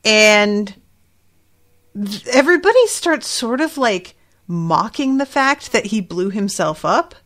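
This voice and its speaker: A woman's voice: medium pitch, expressive, takes it slowly, fairly bright tone. A woman hosting a podcast, recapping an episode in a chatty way with laughing asides and frequent fillers. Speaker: podcast host.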